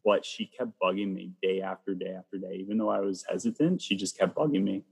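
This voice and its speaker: A man from Canada with a very deep, husky voice recounts his personal testimony as an interview guest. He tells it in a lively way and acts out the lines people said to him. His voice rings with a long reverb, as if recorded in a large room. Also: fast talker. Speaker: guest sharing his faith story.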